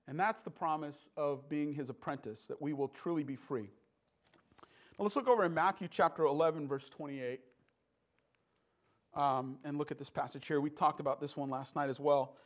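Male preacher, earnest and halting, voice a bit high. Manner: earnest, halting, repeats words. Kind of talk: sermon.

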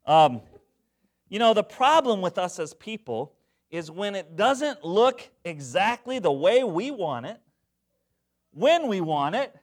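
A man's voice: sits high, a bit bright. A young adult man preaching a sermon, emphatic, often checking in with the congregation. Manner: emphatic, call-and-response asides to the congregation. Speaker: pastor.

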